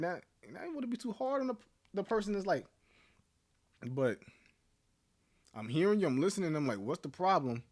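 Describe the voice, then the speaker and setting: A young man hosting his channel, ranting to camera in a blunt, profane way and laughing between his points. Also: a little high. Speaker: channel host. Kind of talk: casual rant to camera.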